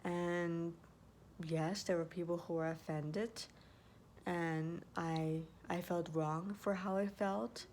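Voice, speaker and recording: Earnest woman with a low voice. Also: fairly even intonation, takes it slowly, a little mellow, slight background noise. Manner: earnest, repeats herself, restarts sentences. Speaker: vlogger. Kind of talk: casual advice talk to camera.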